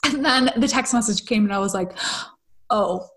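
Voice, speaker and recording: A woman's voice: on the high side, quick pace, a bit bright. A young woman sharing a personal story with her audience in a confessional, casual way, swearing freely and often asking "right?". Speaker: spiritual vlogger.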